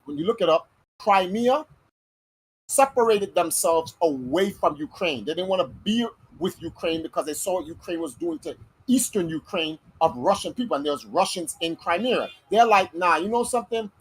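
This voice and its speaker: Husky, animated American podcast host. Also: male voice, high voice, moderate pace, low-quality recording. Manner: animated, slangy, acts out quoted voices. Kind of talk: casual podcast monologue.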